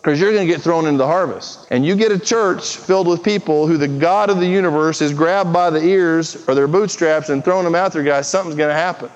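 A pastor preaching an earnest, urgent sermon, acting out quoted prayers and conversations. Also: male voice, a little high, a little fast, hardly any pauses, smooth. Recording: muffled, with long hall reverb.

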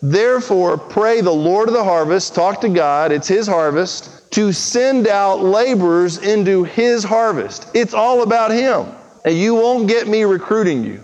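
Pastor mid-sermon, earnest and pressing, somewhat high voice, dull recording with long church reverb. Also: male voice, expressive, measured pace, a little mellow. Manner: earnest, urgent preaching with acted-out quotes. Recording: muffled, with long hall reverb.

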